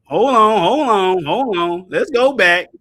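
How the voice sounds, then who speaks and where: A man with a high, bright voice speaks. He is hosting a loose, animated teaching stream for an online ministry. He chats straight to his viewers and reads answers out to them as he goes. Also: takes it slowly. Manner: animated, talks back to an unseen chat, reads out AI answers. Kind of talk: casual teaching livestream.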